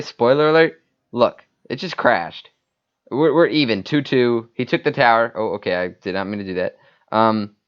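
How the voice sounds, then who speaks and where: A man's voice: medium pitch, a bit bright, clean tone, lo-fi sound. A man giving casual, rambling commentary over a mobile game replay, full of fillers and restarts. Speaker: gaming YouTuber.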